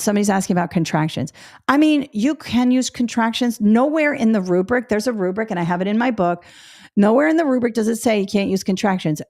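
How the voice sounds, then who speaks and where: A woman's voice: mid-range voice, a little mellow. A woman from the Northeastern US teaching a live test prep webinar, talking bluntly and directly with chatty asides to her viewers.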